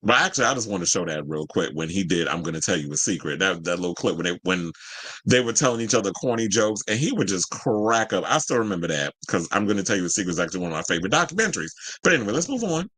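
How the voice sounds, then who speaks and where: A man's voice: deep voice, very animated, quick pace, a bit bright, husky, low-quality recording. A man hosting casual celebrity gossip commentary, sassy and chatty, full of asides to his viewers. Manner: sassy and chatty, says "child" and "y'all". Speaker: host.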